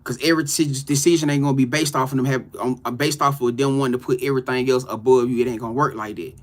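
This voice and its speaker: A man's voice: medium pitch, fairly even intonation, rapid-fire. A man doing a casual live-stream tarot reading, greeting viewers and laughing often. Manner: loose, slangy, greets chat viewers by name, laughs often.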